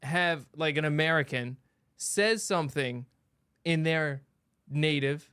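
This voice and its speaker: A man co-hosting a casual podcast, talking in animated, profane banter into a close microphone. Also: a little high, slow pace, smooth, no echo. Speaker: podcast co-host.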